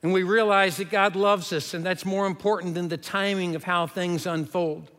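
Male pastor, sermon, high voice, earnest, long reverb. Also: fairly even intonation, moderate pace. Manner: earnest preaching, drops to a hush for emphasis.

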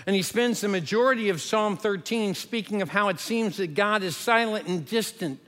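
Earnest male preacher with a high voice, recorded with long reverb. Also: moderate pace. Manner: earnest preaching, drops to a hush for emphasis. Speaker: pastor. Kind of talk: sermon.

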